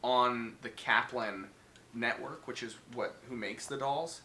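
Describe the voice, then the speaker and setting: A man's voice: medium pitch, pushed and bright, reverberant, a little hiss or hum. A man casually recapping a horror movie, rambling and swearing often, with many fillers, and briefly putting on the characters' voices. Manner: rambling, profane, acts out characters in quick voices. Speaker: podcast co-host.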